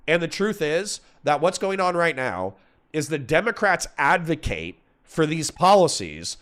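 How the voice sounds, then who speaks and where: A young man arguing bluntly and profanely in a heated online debate, reading out points and rebutting them quickly. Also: mid-range voice. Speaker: debater and streamer.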